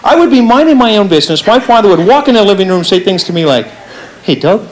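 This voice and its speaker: A man doing a stand-up comedy routine on stage, talking to the audience with an animated delivery and acting out little voices. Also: quick pace, poor audio. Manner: lively, animated delivery with big pitch swings and acted-out voices. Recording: live stage set with audience laughter. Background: faint audience laughter.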